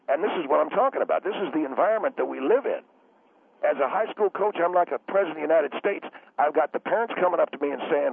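A man plays a touchy middle-aged high school coach on a comedy radio bit. He rants with a gravelly, husky voice that swings up and down, heard over a tinny phone-like line. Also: heavily acted. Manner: ranting, indignant, easily offended. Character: aggrieved veteran high school football coach.

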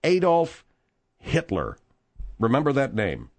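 A man's voice: medium pitch, huge pitch swings, takes it slowly. A man hosting a radio talk show, bluntly reading news items and throwing in sarcastic asides. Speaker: radio host. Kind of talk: casual radio banter.

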